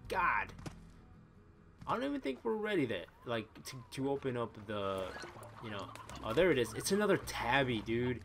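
A man doing excitable, chatty commentary as he plays a video game, thinking aloud and exclaiming often. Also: medium pitch. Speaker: let's play gamer. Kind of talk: live gaming commentary. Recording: voice over loud game music. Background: game music.

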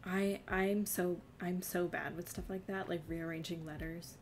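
A woman's voice: on the low side, steady tone, unhurried, a little hiss or hum. A young woman from New Jersey with a slight New Jersey accent, chatting casually with her stream chat, giggly and self-deprecating.

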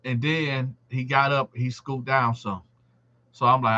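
A man's voice: medium pitch, a little slow, muffled recording. A man hosting a live stream, casually telling a story from his time locked up and acting out what others said. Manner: animated, acts out other inmates' quoted lines. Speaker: livestream host telling a prison story.

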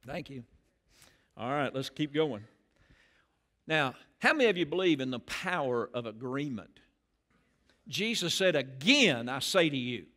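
A man preaching a sermon as pastor in a church, animated and rising loud on key phrases. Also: medium pitch, measured pace, pauses often. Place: church sanctuary.

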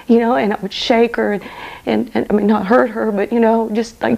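A woman giving an earnest personal testimony, halting and repeating phrases as she speaks. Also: a little high, flat delivery, gravelly, darkish tone, muffled recording.

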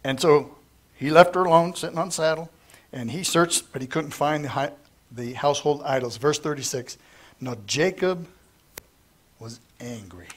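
Animated man teaching the Bible. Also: a little high, normal speed. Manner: reads scripture then paraphrases it in plain, animated talk.

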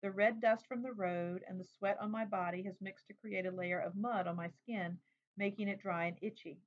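A woman reading a memoir aloud in a steady, plain, unhurried way. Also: medium pitch. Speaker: reader. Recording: dull lo-fi recording.

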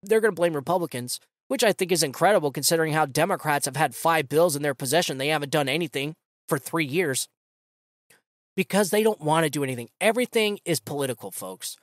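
A man's voice: on the high side, fast, no echo, studio quality. A man hosting a political commentary podcast, ranting in a sarcastic, casual way with slang. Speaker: podcast host.

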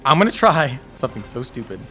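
A man giving panicky, excitable commentary while playing a video game, talking to himself and cheering out loud. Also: mid-range voice, fast talker, soft background music. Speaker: gameplay streamer. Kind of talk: live gameplay commentary.

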